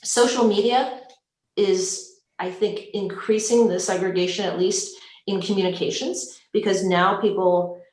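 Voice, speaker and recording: A woman's voice: mid-range voice, fairly even intonation, a little mellow. Earnest woman panelist in an echoey room. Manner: earnest, measured, with frequent restarts. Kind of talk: recorded panel discussion.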